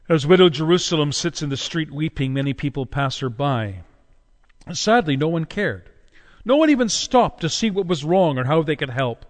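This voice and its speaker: A man preaching a sermon with dramatic delivery, swinging from loud cries to hushed low tones and slowing down for emphasis. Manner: slows down for emphasis. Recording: long hall reverb.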